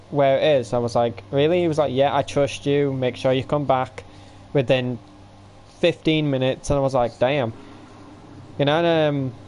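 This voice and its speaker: A man's voice: mid-range voice, a little mellow, a little hiss or hum. A man telling a rambling story on a livestream, quoting others, yawning and hiccupping. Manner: rambling, quotes others with "I was like". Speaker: livestream host.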